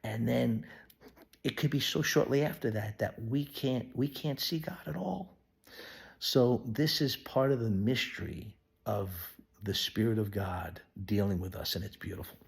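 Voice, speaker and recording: A man giving an earnest devotional Bible teaching, sometimes dropping to a hushed whisper. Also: medium pitch, a little slow, vocal fry, breathy edge. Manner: acts out quoted voices of people in the story. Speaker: pastor.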